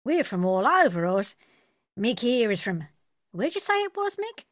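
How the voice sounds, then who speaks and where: A woman's voice: fairly high pitch, sing-song, normal speed, dry recording, pitched above the performer's own voice. Woman doing a cocky soldier. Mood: flirty. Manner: brash, teasing, loud.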